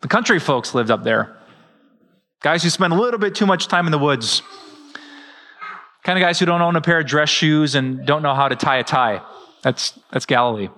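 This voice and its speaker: A middle-aged man, preaching a sermon as pastor in a lively, joking way. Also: fairly high pitch, moderate pace, pauses often. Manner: lively, joking, with frequent laughs.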